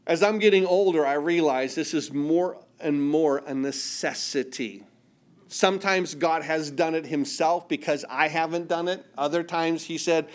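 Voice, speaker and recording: A middle-aged man preaching a sermon, earnest, often repeating words and dropping to a hush for emphasis. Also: fairly high pitch, unhurried. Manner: earnest, repeats words, swings between loud emphasis and hushed quiet. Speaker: pastor.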